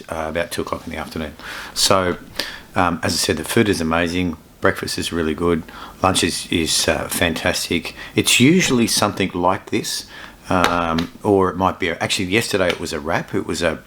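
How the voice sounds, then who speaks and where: A man's voice: low voice, a bit bright, slight background noise. A middle-aged man chatting casually in a self-filmed vlog from his hotel room, rambling and joking as he corrects himself. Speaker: vlogger in hotel quarantine.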